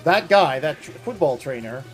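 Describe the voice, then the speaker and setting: A Dutch man from the Netherlands streams a video game, chatting casually with viewers and laughing often. His voice sits a little high, expressive, at normal speed, with game music playing behind him.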